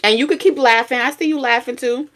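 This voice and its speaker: A woman's voice: high-pitched, quick pace, fairly bright tone, a little hiss or hum. Blunt, profane woman giving a tarot reading. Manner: blunt, profane, scolding street talk with sudden laughs and singing. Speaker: tarot reader.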